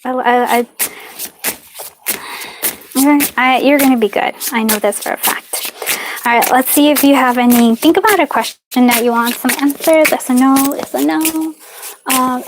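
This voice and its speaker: A woman doing a live card reading, talking in a warm, chatty, reassuring way with lots of fillers and little laughs. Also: on the high side, background noise. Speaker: tarot and charm reader.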